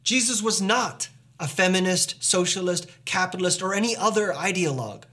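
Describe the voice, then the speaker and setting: A man's voice: sits high, normal speed, sharp tone. A man preaching a sermon as pastor, earnest and emphatic, posing rhetorical questions to the congregation.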